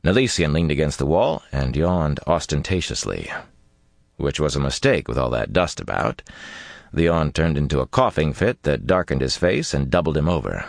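A man narrating a fantasy audiobook in an expressive, dramatic storytelling manner. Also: extremely low pitch, normal speed, vocal fry, no room sound, clean studio sound.

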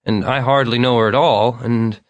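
A man's voice: medium pitch, steady tone, moderate pace, dry recording, highs cut off, close to an everyday voice. A man voicing an eager, talkative young man whose lines come out raised and insistent. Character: eager chatty young man, upbeat and earnest.

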